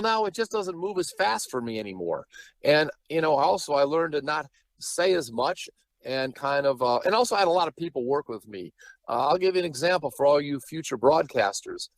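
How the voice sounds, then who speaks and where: A chatty man from Chicago telling long career stories as a guest on a sports podcast. His voice sits a little higher than most men's and comes across dry and close, with no room sound. He rambles along with plenty of asides. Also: lively intonation, a little fast, no room sound, poor audio. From Chicago, Illinois. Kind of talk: casual interview chat.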